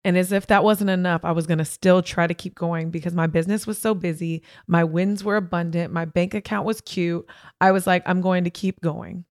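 A young woman hosting a podcast tells a personal story frankly and emphatically, speaking straight to her listeners in a candid monologue. Her lowish voice holds a steady tone at a slightly fast pace, and the recording is studio quality with no echo.

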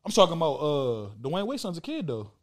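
Male podcast host, fairly high voice, profane, emphatic, repetitive. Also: sing-song, a little fast. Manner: emphatic, profane, repeats words. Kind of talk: casual chat.

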